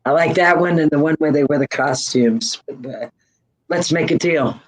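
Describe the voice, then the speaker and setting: A man's voice: a little high, moderate pace, poor audio. A man in casual chat, agreeing readily and chuckling often.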